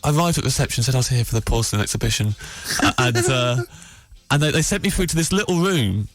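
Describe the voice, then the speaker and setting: A man's voice: medium pitch, expressive, quick pace, soft background music. A man hosting a podcast, telling a long anecdote in a rambling, self-deprecating way with many restarts. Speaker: podcast host.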